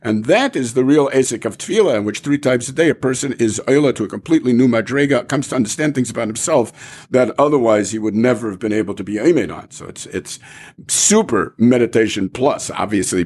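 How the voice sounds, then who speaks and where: A man's voice: lowish voice, darkish tone, slightly rough. A man teaching a Talmud class, explaining animatedly and asking rhetorical questions, with Hebrew terms mixed in.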